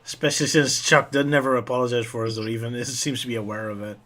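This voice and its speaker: A man's voice: mid-range voice, fast, a bit bright. A man hosting a casual podcast chat, laughing readily and handing turns to his co-hosts. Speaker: podcast host.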